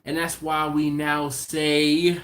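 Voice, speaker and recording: A middle-aged man hosts a barbecue live stream in a relaxed, chatty way, full of slang. He speaks slowly and unhurriedly. His tone stays casual as he reads out viewer comments. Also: fairly high pitch. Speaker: barbecue channel host.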